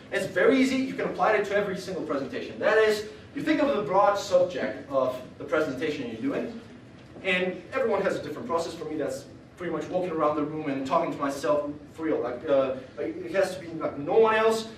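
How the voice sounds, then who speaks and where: A man's voice: high voice, a little hiss or hum. A young man giving a humorous talk on stage, rambling with lots of fillers and laughter, recorded from far off in a lecture hall. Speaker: speaker.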